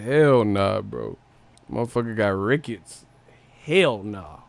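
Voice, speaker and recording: A man's voice: fairly low pitch, slow, creaky, no echo. A man hosting a livestream, joking profanely and laughing often. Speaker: livestream host. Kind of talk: casual commentary.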